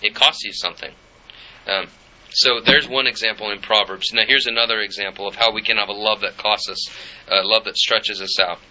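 A man's voice: lowish voice, fairly even intonation, a little fast, sharp tone. A middle-aged man preaching a sermon, telling a personal story and reading scripture in an earnest way. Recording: dull lo-fi with faint noise.

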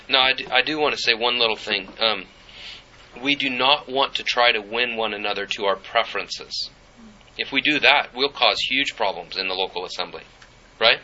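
A man's voice: medium pitch, bright, forceful tone. A middle-aged man preaching a sermon, telling a personal story and reading scripture in an earnest way. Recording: dull lo-fi with faint noise.

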